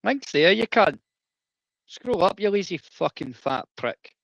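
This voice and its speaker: Lively Scottish man, rambling stream chat. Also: high-pitched, measured pace, vocal fry, dry recording, muffled recording. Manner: rambling, swears freely, breaks into laughs. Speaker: live streamer. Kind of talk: casual live-stream chat.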